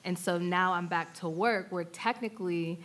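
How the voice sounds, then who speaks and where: A young woman on a panel sharing her story in an earnest, plain-spoken way, pausing with fillers. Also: lowish voice, a bit bright. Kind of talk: personal testimony on a panel.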